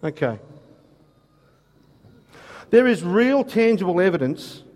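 A man preaching in an unhurried, deliberate way, leaning on rhetorical questions. His voice sits a little high for a man. It rings out with the long reverb of a church hall. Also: sing-song, a little mellow. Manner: measured, rhetorical questions, slow emphatic scripture reading. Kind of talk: sermon.

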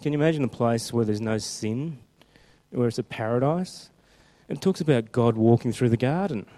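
A man preaching a sermon, mixing chatty asides with animated scripture reading. His voice is mellow and warm, sitting at an average pitch. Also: normal speed.

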